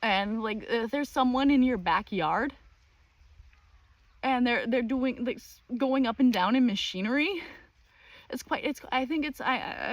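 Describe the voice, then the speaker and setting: A woman's voice: a little high, a little slow. Woman vlogger telling an exasperated story. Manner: animated, exasperated retelling with many fillers. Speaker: channel host. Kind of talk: casual storytelling monologue.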